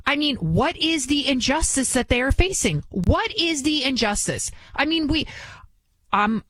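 A woman's voice: sits high, lively intonation, a little slow, a bit bright, dry recording, poor audio. Indignant woman commentator, dry close sound. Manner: indignant, rhetorical questions, frequent restarts. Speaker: political commentary host. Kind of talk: opinion commentary. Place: New York City.

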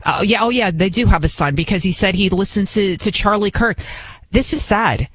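Middle-aged lady on talk radio, ranting and mocking, medium pitch. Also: normal speed, husky, low-quality recording. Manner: animated, mocking, acts out quoted voices. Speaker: radio talk show host. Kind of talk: opinionated talk radio commentary.

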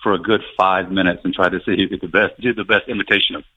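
Male caller, husky low voice, rapid, over a dull phone line. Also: steady tone. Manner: fast, friendly, storytelling. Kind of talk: phone-in chat.

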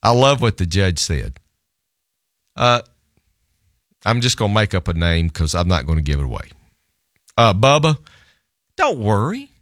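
A middle-aged man, a divorce lawyer, telling an animated anecdote in conversation, often laughing and repeating words. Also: sits low, normal speed, pauses often, no echo, studio quality. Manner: lively storyteller, laughs often, repeats himself.

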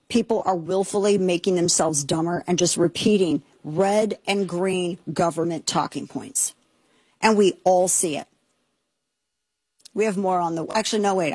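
Woman, talk radio host, sarcastic, indignant, husky, dry studio sound. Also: fairly low pitch, darkish tone, no echo. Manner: sarcastic, indignant, rapid-fire. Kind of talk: opinionated political talk radio.

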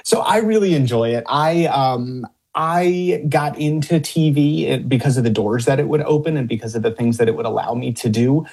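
Speaking at normal speed with hardly any pauses, this man has a mid-range, darkish voice with a breathy edge. He's a middle-aged biologist from upstate New York who hunts cryptids on TV, and he rambles through interview answers full of fillers, restarts, and chuckles.

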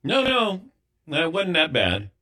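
A middle-aged man hosting a sports radio show in relaxed, conversational banter. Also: fairly high pitch, a little slow, breathy edge.

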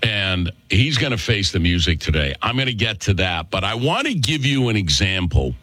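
Massachusetts guy hosting a talk show, chatty, lowish voice, dry close sound. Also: very animated, normal speed, sharp tone, no room sound. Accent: Worcester, Massachusetts. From Worcester, Massachusetts. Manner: chatty, addresses listeners as folks. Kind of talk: opinionated talk radio monologue.

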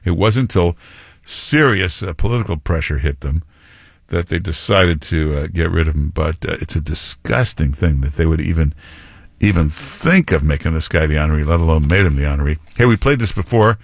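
A man's voice: extremely low pitch, expressive, a little fast, creaky, dry recording, studio quality. A man hosting a talk radio show, giving blunt, scornful commentary in rambling asides.

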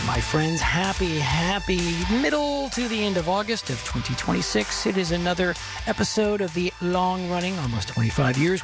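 A man's voice: sits high, creaky. A middle-aged man hosting a call-in radio show in a rambling, chatty manner with lots of fillers. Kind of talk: casual radio talk.

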